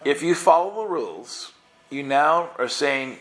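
A man telling a humorous personal story to a church group, animated and chuckling as he acts out his own thoughts. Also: a little high, measured pace.

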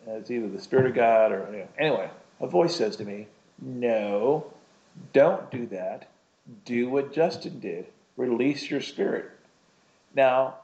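A man's voice: medium pitch, a little mellow, highs cut off. A man preaching a conversational sermon, rambling through a personal story with lots of "you know" and "right?".

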